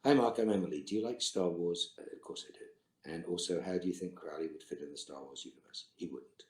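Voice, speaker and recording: Answering fan questions he reads aloud during a virtual Q&A, a middle-aged actor delivers dry, clipped one-liners over video call in a low, slightly mellow voice, speaking fairly quickly. The audio carries a roomy echo.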